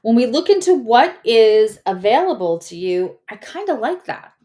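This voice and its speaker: A woman's voice: fairly high pitch, sing-song, moderate pace, warm tone. A woman giving a casual astrology and tarot reading, chatty and rambling, often correcting herself mid-sentence.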